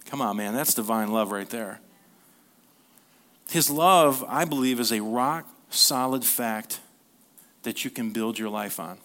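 Male preacher, mid-pitched, conversational sermon delivery, slow on scripture, rising energy on the big points. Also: a bit bright. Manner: earnest, conversational, asks the listeners questions; reads scripture slowly, then rises in pitch and energy.

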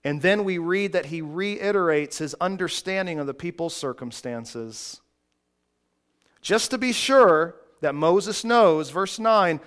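A man preaching a sermon, slow and emphatic, with dramatic pauses. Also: high voice, lively intonation, a bit bright. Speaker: pastor.

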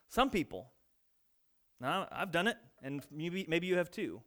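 A man preaching a sermon, reading scripture and acting out boastful people in lively asides. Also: on the high side, unhurried. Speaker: pastor.

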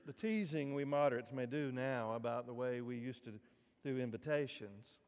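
A man preaches to his congregation in a relaxed, folksy, conversational way, often turning to the listeners with asides. His voice sits at an ordinary middle pitch. The sound carries the long reverb of a church sanctuary. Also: normal speed, smooth. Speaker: pastor. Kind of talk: sermon.

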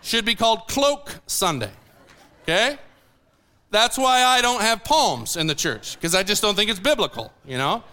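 A pastor preaching in a church, his voice high-pitched and bright. He speaks in a smooth, clear tone. He reads scripture aloud, then drops into playful asides for the congregation. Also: very animated, normal speed. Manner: playful, joking asides between scripture readings. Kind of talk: sermon. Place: church sanctuary.

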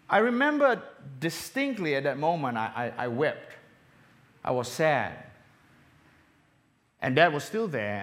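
Man preaching a personal sermon. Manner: personal storytelling, drops soft and low on tender moments.

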